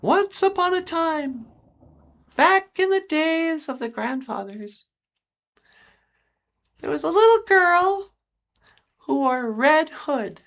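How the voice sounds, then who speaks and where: High, lively woman telling a story. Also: slow, long pauses. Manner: chatty, laughs often, many fillers. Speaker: podcast host and storyteller. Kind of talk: casual storytelling.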